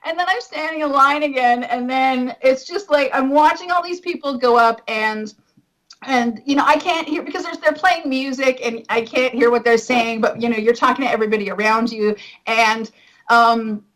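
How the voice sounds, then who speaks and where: High-voiced woman gushing through a story. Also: moderate pace, rough recording. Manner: excited, gushing, heavy use of fillers like "like"; emotional, on the verge of tears. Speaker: podcast co-host. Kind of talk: casual storytelling.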